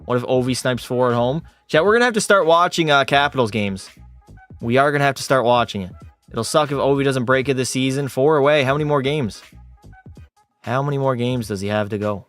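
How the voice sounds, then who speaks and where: Over faint background music, a Canadian man streams a game and banters with his chat, reading out and answering viewer messages. His pace is fairly quick, and his pitch leaps animatedly as he talks.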